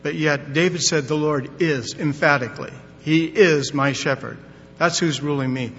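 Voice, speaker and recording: Older pastor preaching in a reverberant hall. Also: male voice, normal speed, fairly bright tone. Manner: folksy, tells corny jokes, emphatic. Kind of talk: sermon. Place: church sanctuary. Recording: dull long-reverb hall with faint rumble.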